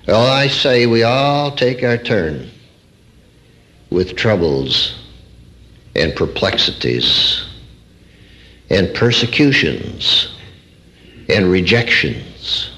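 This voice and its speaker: A man's voice: mid-range voice, a bit bright. A middle-aged man preaching a sermon, telling a personal anecdote in a folksy way with wry humor and rhetorical questions to his listeners. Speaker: preacher and counselor.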